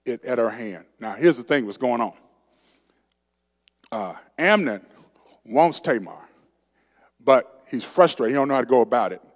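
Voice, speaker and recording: A man's voice: medium pitch, expressive, unhurried, pauses often. A male pastor preaching a sermon emphatically, calling out to his congregation. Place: church sanctuary. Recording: long church sanctuary reverb.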